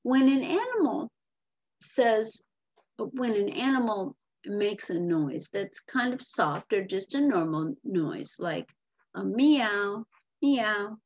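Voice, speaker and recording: A woman's voice: mid-range voice, animated, slow, darkish tone. A woman teacher reading a picture book aloud to children, patiently explaining and asking questions, on a muffled lo-fi recording.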